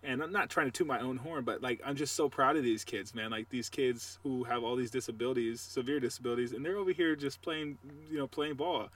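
A man co-hosting a sports podcast, chatting casually and telling animated, trash-talking stories. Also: medium pitch, brisk, hardly any pauses, recorded from a distance. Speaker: podcast co-host.

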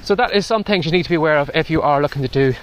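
Guy talking while walking into wind, a bit out of breath, slightly high voice, faint noise behind. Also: racing, fairly bright tone, highs cut off. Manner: chatty, advisory. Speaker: podcast host. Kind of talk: casual walking vlog advice. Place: outdoors in strong wind and rain.

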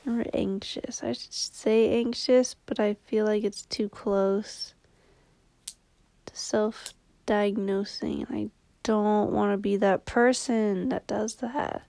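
A young woman rambling in a low-key, confessional vlog, swearing bluntly and often dropping to a whisper. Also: steady tone, slow pace, gravelly, dark tone, dry recording.

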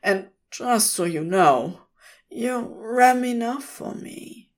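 A woman's voice: a little high, animated, slow pace, pitched above the performer's own voice. A woman voicing a frantic, heartbroken man who talks in a pleading, tearful way.

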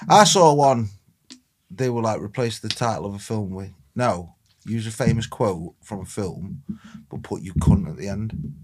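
A man's voice: fairly low pitch, animated, normal speed. A young English man co-hosting a podcast, swearing and laughing through casual banter. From England. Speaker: podcast co-host. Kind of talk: casual chat.

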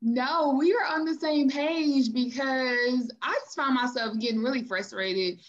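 A woman's voice: high voice, measured pace. A woman hosting a podcast in casual recap chat, chatty and laughing often as she retells scenes. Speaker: podcast host. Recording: dull lo-fi mic.

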